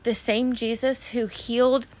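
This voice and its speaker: A woman's voice: on the high side, flat delivery, measured pace. A woman hosting a faith-based motivational podcast, speaking fervently and emotionally and calling her listeners honey and friend. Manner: emotional, voice wavering toward tears at times. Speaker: podcast host.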